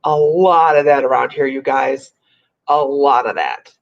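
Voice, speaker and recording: A woman hosting a casual live-stream chat as a psychic medium, chatty and animated, laughing often. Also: a bass voice, measured pace. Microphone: computer or phone on a live video stream. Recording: muffled lo-fi stream audio.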